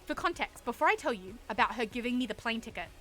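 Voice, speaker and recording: A woman with an Australian accent, streaming and telling a story to her chat in a casual, animated way, swearing freely and acting out what people said. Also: a little high, fast talker, faint music behind.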